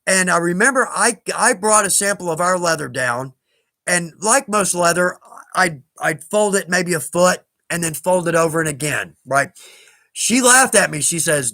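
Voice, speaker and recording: A man's voice: high-pitched, expressive, normal speed, bright, forceful tone, dry recording. A man with a Southern US accent hosting a live stream, chatting casually and rambling a little as he answers viewer questions with self-deprecating asides.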